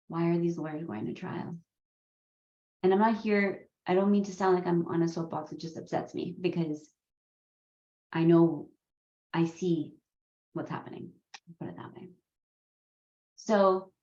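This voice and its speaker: Lady leading a parenting class, lowish voice, acts out her kids, echoey kinda muffled audio. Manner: animated, acts out her kids' voices with laughs. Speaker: coparenting course leader. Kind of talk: storytelling to a class. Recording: roomy, dull lo-fi sound.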